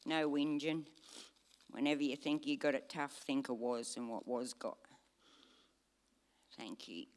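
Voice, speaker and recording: Slow, solemn Australian man. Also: medium pitch, steady tone, big-room sound. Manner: solemn, measured. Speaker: eulogy speaker. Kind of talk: funeral eulogy. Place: church.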